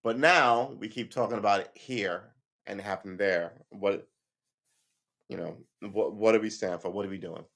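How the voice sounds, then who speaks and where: A man talking in a casual opinion monologue as host of a livestream, animated, often stumbling and restarting his words and acting out what other people say. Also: lowish voice, normal speed. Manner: animated, acts out voices of others.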